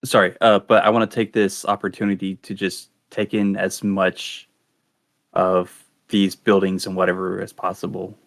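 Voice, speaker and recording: Gravelly man on dry audio. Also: sits low, level tone, moderate pace, no echo. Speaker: player. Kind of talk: tabletop role-play.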